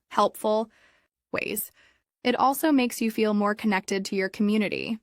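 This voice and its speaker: A woman calmly narrating a story for English learners in clear, evenly paced scripted narration. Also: mid-range voice, no echo, studio quality.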